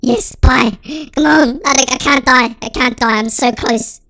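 Chipmunk-filtered let's-play host, excitable and dramatic, very high and piercing. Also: a little slow, no echo. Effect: sped-up chipmunk voice filter. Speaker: gaming channel host. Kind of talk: let's-play gameplay commentary.

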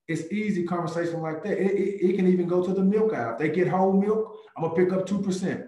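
A man with a fairly high voice talks about his work as a guest on a video call. He tells his stories with energy and often slips into acted-out bits of chat. The sound is roomy and echoey. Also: quick pace, hardly any pauses. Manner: animated, jumps into a higher voice to act out chats. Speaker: real estate agent, guest speaker. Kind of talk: lively talk with acted-out dialogues.

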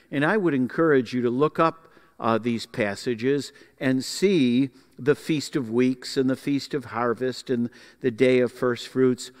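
A man teaching a Bible class in a folksy, explanatory way, pausing often to find his words. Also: medium pitch, in a large hall. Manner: folksy, explanatory, with frequent uh fillers.

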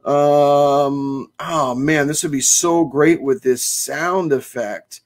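Upbeat, fairly high-voiced cigar shop host. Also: male voice, steady tone, slow pace. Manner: chatty and enthusiastic, exclaims often. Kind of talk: casual livestream chat reading viewer comments.

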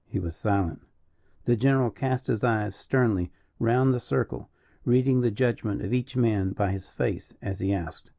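A man giving a measured, dramatic audiobook narration. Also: fairly low pitch, vocal fry, lo-fi sound. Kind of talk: scripted narration.

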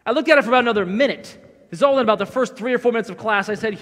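A man's voice: extremely high pitch, racing, a bit bright. A middle-aged man preaching a sermon as pastor, telling self-deprecating stories in a conversational way. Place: church sanctuary. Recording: long church hall reverb.

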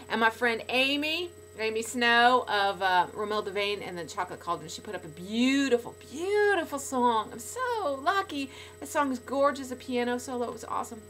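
A middle-aged woman talking casually to fans in a video blog, bubbly and gushing, swinging between loud excitement and soft sincerity. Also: on the high side, moderate pace, few pauses. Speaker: podcast regular speaking to fans.

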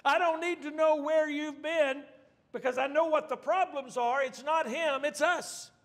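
A man's voice: very high-pitched, steady tone, unhurried, a bit bright, big-room sound. A man preaching a fervent sermon as pastor, repeating phrases and restarting lines.

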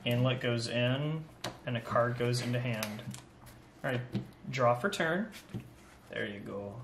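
A man's voice: medium pitch, a little slow. Jokey young man calling card attacks. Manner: jokey, calls out numbers and attacks. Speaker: card game player. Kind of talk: casual play-by-play of a card match. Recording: roomy with background noise.

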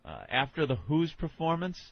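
Needling male radio host, lively voice. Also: a little high, normal speed, no room sound, muffled recording. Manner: needling, egging others on. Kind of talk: comic radio banter.

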